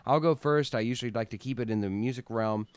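A man's voice: mid-range voice, fast, smooth, dry recording. A young man co-hosting a podcast from his room, joking and teasing in casual talk. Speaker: podcast co-host.

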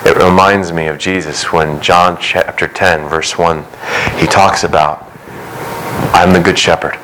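A middle-aged man preaching a sermon as pastor, earnest and emphatic, his pace shifting from quick runs to slow, stressed words. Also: deep voice, fairly even intonation, slight background noise, low-quality recording.

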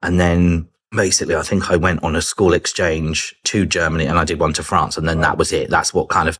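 A middle-aged man talks in a relaxed podcast chat with a deep, husky voice. He laughs easily and slips into little acted-out snippets of remembered dialogue. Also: a little fast. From Britain. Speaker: guest. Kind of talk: casual podcast conversation.

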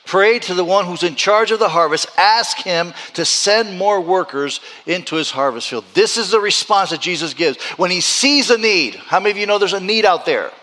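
A pastor preaching a sermon, repeating phrases as he builds to loud, urgent high points. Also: expressive, normal speed, few pauses, big-room sound.

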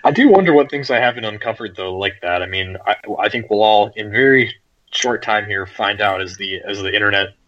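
Guest reviewer, man, low voice, wordy casual podcast chat, muffled lo-fi sound. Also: expressive, a little fast, fairly bright tone. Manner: wordy, rambling. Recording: dull lo-fi audio.

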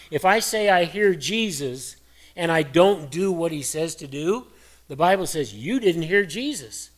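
Hoarse folksy preacher, higher-pitched man. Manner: folksy storytelling preacher, earnest and conversational. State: hoarse, voice cracking. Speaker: pastor. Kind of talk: sermon.

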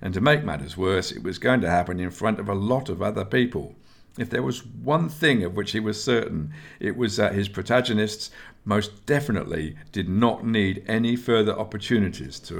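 A man narrating a fantasy audiobook in a steady, measured reading voice. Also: lowish voice, gravelly.

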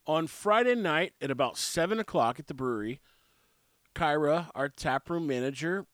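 A man's voice: on the high side, expressive, moderate pace, a bit bright, dry recording, studio quality. A man with stuffy sinuses who owns a barbecue restaurant, telling stories in a casual monologue and acting out both sides of conversations. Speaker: barbecue restaurant and brewery owner.

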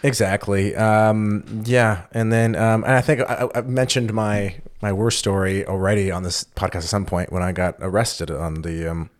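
American guy on a podcast, kinda low voice, rambling through a story. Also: moderate pace, few pauses. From United States. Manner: rambling, animated retelling with quoted voices. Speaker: podcast co-host. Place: lives in Germany as a foreigner.

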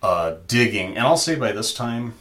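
A man's voice: on the low side, animated, normal speed, fairly bright tone. A man narrating as game master in a tabletop game, loose and chatty. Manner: loose and chatty, many fillers.

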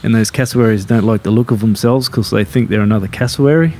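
A man's voice: fairly low pitch, fast talker, darkish tone, a little hiss or hum. A man with an Australian accent, chatting casually and telling a story in a laid-back, swearing manner. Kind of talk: casual chat.

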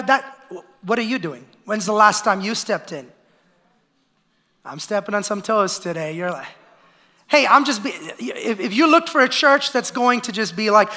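Male pastor, very high and sharp-toned voice, energetic sermon with call-and-response to the congregation. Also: moderate pace. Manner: acts out the voices of complainers. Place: church sanctuary.

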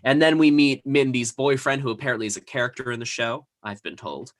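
A man co-hosts a podcast, rambling through a casual recap of a TV episode with plenty of fillers and asides. His voice is mid-range and his delivery brisk.

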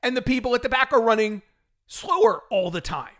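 A middle-aged man hosting a solo fitness podcast, talking in an animated, exasperated rant with frequent laughs. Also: very high-pitched, fairly quick. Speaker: podcast host and fitness trainer.

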